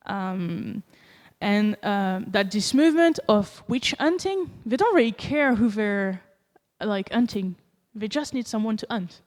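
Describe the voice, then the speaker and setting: A woman's voice: medium pitch, lively intonation, a little slow, darkish tone. A woman with a French accent giving a conference talk in a casual, joking way with many fillers. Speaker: conference speaker. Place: conference hall. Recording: long reverb of a conference hall.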